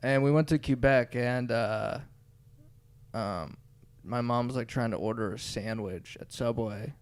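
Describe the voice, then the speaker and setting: A man co-hosting a podcast in casual chat, rambling and laughing often, his voice trailing off quietly. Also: mid-range voice, measured pace, smooth. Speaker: podcast co-host.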